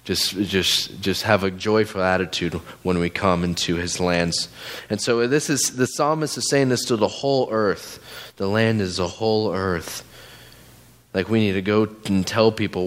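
Male preacher, lowish voice, loose conversational sermon style with lots of asides and fillers. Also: unhurried. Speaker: guest preacher. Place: church.

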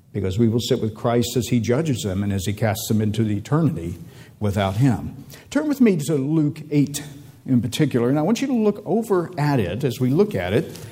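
Male preacher, lively pitch, mellow tone, sermon delivery with drawn-out emphasis. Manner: animated, drawn-out emphasis, reads scripture aloud.

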